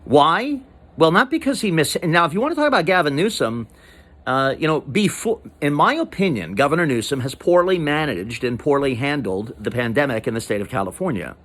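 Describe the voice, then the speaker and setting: Lively rambling man doing comic monologue. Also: a little high, moderate pace. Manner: rambling, self-interrupting, mock-serious. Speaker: comedian host. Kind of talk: comedic political monologue.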